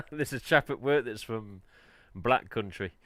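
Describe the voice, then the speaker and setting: A man's voice: medium pitch, measured pace, fairly bright tone, no echo. A man hosting a casual live stream, chatting in a rambling way and answering the chat. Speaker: livestream host.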